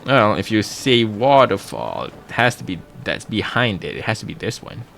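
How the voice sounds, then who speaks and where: A man's voice: fairly low pitch, big pitch swings, normal speed, gravelly, fairly bright tone, faint music behind. A male streamer giving casual gameplay commentary, talking to himself, humming and joking as he plays. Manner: talks to himself, hums and jokes while playing.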